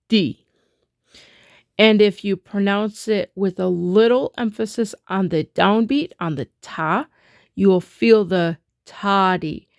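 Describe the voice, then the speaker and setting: Slow patient lady teaching rhythm, lots of ums, gravelly voice. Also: medium pitch, no echo, studio quality. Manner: patient, many fillers and restarts. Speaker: music teacher. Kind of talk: slow instructional explanation.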